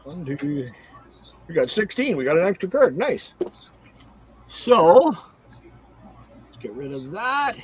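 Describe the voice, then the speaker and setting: A man's voice: fairly high pitch, slow, long pauses, husky, dull audio. A man hosting a casual livestream card break, reading out cards and teams one after another. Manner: reads out cards and teams in a steady run.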